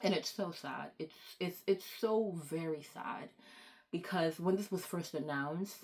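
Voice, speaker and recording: A young woman book vlogger chatting to camera, excitable and rambling, stopping to apologize for going off track. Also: on the low side, unhurried. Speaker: book YouTuber. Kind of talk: casual chat to camera.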